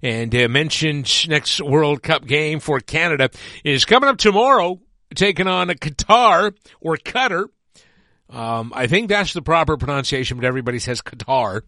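Radio dj guy, bright punchy voice, dry studio sound, chatty and easygoing. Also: fairly high pitch, fairly quick, no echo. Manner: relaxed, chatty with fillers. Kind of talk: casual radio patter. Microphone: studio broadcast mic.

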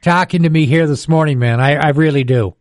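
A man's voice: a little high, a little fast, dry recording, studio quality. An older man, a radio sports broadcaster telling rambling stories in casual chat, chuckling often.

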